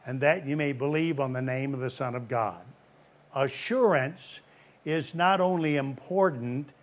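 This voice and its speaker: A man preaching a sermon to a congregation, emphatic, asking them questions and answering them himself. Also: fairly high pitch. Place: church service before a congregation. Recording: dull lo-fi sound.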